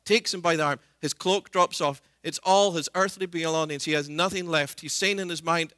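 Bright, earnest male preacher. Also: on the high side, steady tone, moderate pace, few pauses, dry recording. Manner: earnest, retells scripture scenes with voiced quotes. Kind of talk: sermon.

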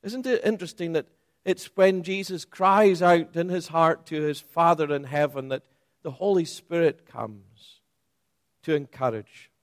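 Male preacher, sermon delivery, slow and emphatic, slightly high voice, dry close sound. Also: no room sound. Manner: emphatic, rising for stress and dropping low and soft.

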